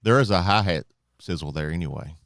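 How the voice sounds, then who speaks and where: Low-voiced joking man. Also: fairly quick, no echo. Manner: joking, vocalizes guitar and drum sounds. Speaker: podcast co-host. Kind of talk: casual chat among friends.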